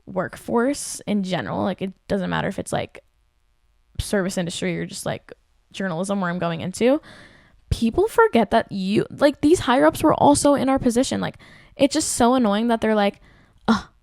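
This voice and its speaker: Twenty-something woman ranting on her podcast, fry in her voice, dry room. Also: medium pitch, normal speed, no room sound. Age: 20s. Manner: venting, animated, heavy use of "like". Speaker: podcast host. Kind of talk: casual storytelling chat.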